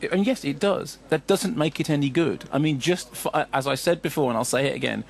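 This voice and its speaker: A man's voice: fairly high pitch, fairly quick, gravelly. A man giving a wry, digressive radio film review as a film critic, full of asides.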